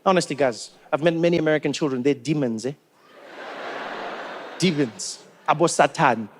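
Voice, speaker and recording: A South African man doing stand-up, his voice pitched high for a man. He tells his stories in an animated way and repeats words for effect. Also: moderate pace, background noise. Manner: animated storytelling with repetition. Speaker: stand-up comedian. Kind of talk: stand-up comedy set.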